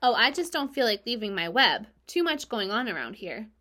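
Woman reading as a calm wise lady spider, firm and matter of fact. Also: a little high, normal speed. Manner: matter-of-fact and firm, a bit louder than the narration. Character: grown female spider, calm, wise and self-assured.

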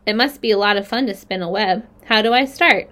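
A woman's voice: medium pitch, brisk, close to an everyday voice. A woman voicing an eager, boastful young pig. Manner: excitable, earnest, eager to please.

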